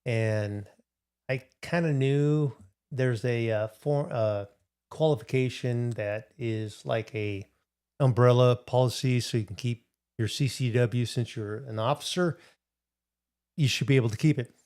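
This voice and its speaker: A man's voice: mid-range voice, measured pace, darkish tone, clean tone. Middle-aged guy on a livestream, rambling story, chatting with viewers. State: recovering from hip replacement. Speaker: livestream host. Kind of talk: casual livestream chat.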